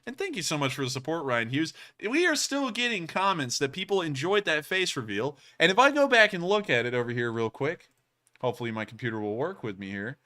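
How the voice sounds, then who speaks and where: A man's voice: a little high, brisk. A man hosting a livestream, chatting casually and rambling as he answers donations. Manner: rambling, lively, frequent fillers and restarts. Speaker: livestream show host.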